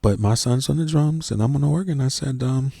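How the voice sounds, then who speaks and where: A middle-aged church organist talking earnestly and emotionally to the camera, in a heartfelt, preachy way. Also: male voice, mid-range voice, fairly quick, gravelly, warm tone, slightly rough, no room sound, clean studio sound. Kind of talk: heartfelt casual talk to camera.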